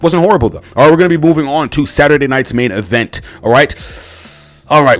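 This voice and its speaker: A hoarse man hosting a casual wrestling commentary, rambling with lots of fillers and restarts. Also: mid-range voice, fast, a bit bright, faint music behind.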